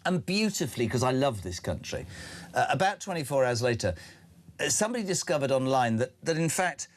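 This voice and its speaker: A man's voice: mid-range voice, sing-song, brisk. A man hosting breakfast talk radio, cheeky and playful with his guests. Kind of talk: lively talk-radio banter.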